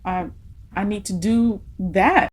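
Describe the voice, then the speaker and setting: A young woman talks through a personal story on a casual podcast. Her voice sits at a middle pitch, and she speaks with open feeling. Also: slow pace, darkish tone, husky. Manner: emotional storytelling, laughing through tears.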